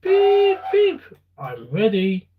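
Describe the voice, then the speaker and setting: A man's voice: sits high, huge pitch swings, extremely slow, narrow, tinny audio, a little hiss or hum, pitched above the performer's own voice, full character voice. A man voicing a kind, eager little male steam engine in a storybook reading, cheerful and determined. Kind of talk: storybook read-aloud.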